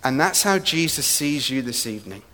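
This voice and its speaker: A man from England preaching a sermon with humor and animated asides, recorded in a large church hall. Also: medium pitch, moderate pace. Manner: humorous, animated storytelling with quips. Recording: echoey hall reverb.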